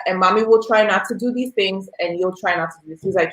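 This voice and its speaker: A woman with a medium-pitched voice speaks quickly, sharing candid parenting experiences in a casual discussion and telling stories with quoted dialogue. The sound echoes in a roomy space.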